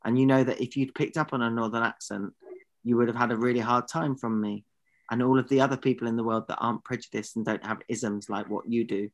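A man's voice: mid-range voice, steady tone, quick pace. A man co-hosting a comedy podcast, rambling and arguing indignantly. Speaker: podcast co-host.

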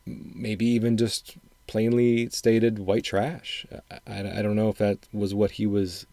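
A middle-aged man with a faint upper Midwestern American accent hosts a casual solo show. His voice sits low and warm, recorded dry and close with no room around it. He talks in a loose, thoughtful way, full of restarts and fillers. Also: level tone, measured pace, dry recording. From Wisconsin, upper Midwest US. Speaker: podcast host reviewing songs.

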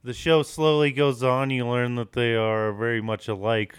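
A man's voice: medium pitch, flat delivery, normal speed, clean tone, no room sound, studio quality. A man co-hosting a podcast in casual chat, rambling with lots of fillers and swearing freely. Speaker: podcast co-host.

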